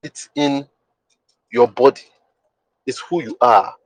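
A man's voice: mid-range voice, slow, long pauses, breathy edge, dry recording, rough recording. Emphatic man teaching on a podcast. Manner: emphatic and repetitive, with rhetorical checks on the listener. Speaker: podcast host. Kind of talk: teaching monologue.

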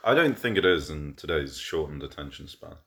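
A man's voice: very deep voice, lively intonation, a little fast, creaky, background noise. A young man co-hosting a podcast, drunk and giving dry, curt replies. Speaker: podcast co-host. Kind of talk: casual chat.

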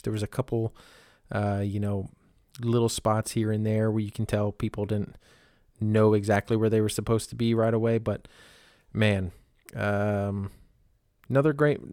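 A man's voice: on the low side, darkish tone, no room sound, clean studio sound. A man hosting a wrestling podcast alone, talking casually in a blunt, rambling way with lots of fillers and frequent swearing. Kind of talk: casual solo recap.

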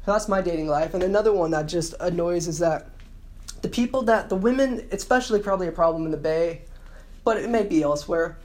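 This vlogger from the San Francisco Bay Area delivers a casual, brisk monologue in a high-sitting male voice. He rants with annoyance and sarcasm, sometimes mocking others, women in particular, by putting on voices.

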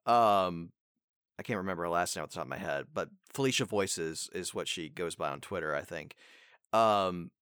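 Voice actor guy chatting, bright ringing voice, dry close mic. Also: low-pitched, moderate pace, clean tone, dry recording. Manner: loose, rambling advice with fillers and acted line readings. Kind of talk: casual chat.

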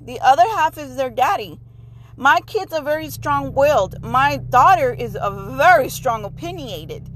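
A middle-aged woman with a bright, high voice talks straight into her podcast mic, blunt and emphatic. She sprinkles Spanish words into her casual monologue. A faint hum of noise sits under the recording. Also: low-quality recording. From Mexico heritage. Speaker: podcast host.

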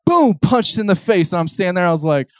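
A man with a fairly high voice preaches with lively storytelling, dropping to a hush and then rising to loud exclamations. The sound is close and dry, with no room echo. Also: fast. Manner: animated, swings between hushed intensity and loud exclamation. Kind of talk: sermon with personal storytelling.

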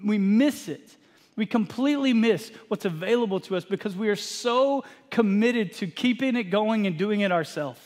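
Pastor preaching in a reverberant hall. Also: male voice, high-pitched. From Texas. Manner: animated, self-deprecating, acts out family dialogue. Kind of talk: sermon with personal storytelling.

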